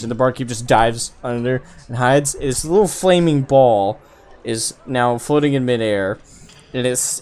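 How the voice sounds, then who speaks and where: A man narrating as game master of a tabletop game, talking in halting bursts with frequent restarts. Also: mid-range voice, a little mellow. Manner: halting, many restarts and fillers.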